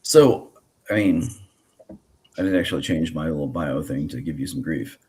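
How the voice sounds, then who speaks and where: A man hosting a relaxed podcast, his voice sitting very low. He talks in a loose, rambling way, full of fillers and false starts. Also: moderate pace, slightly rough. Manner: rambling, many fillers and restarts. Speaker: podcast host. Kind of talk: casual podcast chat.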